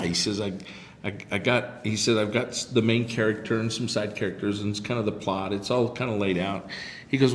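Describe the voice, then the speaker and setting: A man hosting a podcast spins a long anecdote in a low voice, slipping into quoted voices as he goes. The sound is roomy and echoey, with a faint hiss underneath. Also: fairly even intonation, a little fast. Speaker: podcast host. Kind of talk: casual storytelling chat. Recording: echoey room with faint noise.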